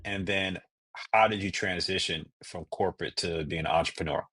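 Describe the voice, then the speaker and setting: A man hosting a podcast who asks loose, halting interview questions. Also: low-pitched, steady tone, fairly bright tone, husky. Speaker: podcast host.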